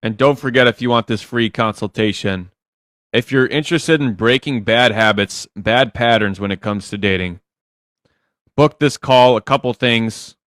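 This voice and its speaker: A man's voice: medium pitch, normal speed, a bit bright, dry recording, clean studio sound. A man working as a dating coach, giving blunt, teasing advice on a live stream and swearing freely.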